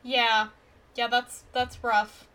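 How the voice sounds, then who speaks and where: A woman co-hosts a podcast, chatting casually and playfully about a movie, enthusiastic and quick to agree. Her voice is a little high, bright and forceful, with little pitch movement and a clean tone.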